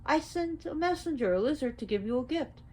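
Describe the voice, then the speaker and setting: A woman voicing a fierce goddess in a told story, shrill and accusing. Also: animated, brisk, dark tone, a little hiss or hum. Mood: indignant.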